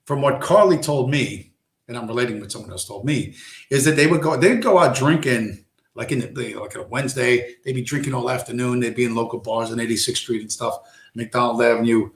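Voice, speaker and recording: New guy rambling on his live stream, swears a lot, middle pitch, echoey room. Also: a little fast. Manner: rambling storyteller, acts out quoted tough-guy lines, swears. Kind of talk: casual rambling stream chat.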